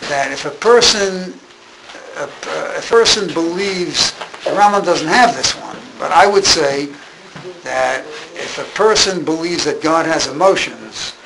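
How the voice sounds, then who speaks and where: A man teaches an informal Torah class in a slightly high, gravelly voice. He keeps repeating and rephrasing his points for emphasis. The recording carries a loud steady noise. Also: measured pace. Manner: repetitive, emphatic, restarts phrases.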